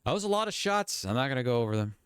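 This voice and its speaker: A man giving casual reaction commentary as a YouTube commentator, chatty and animated. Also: mid-range voice, very fast, smooth, dry recording, clean studio sound. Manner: animated, chatty, breaking into laughs and voices.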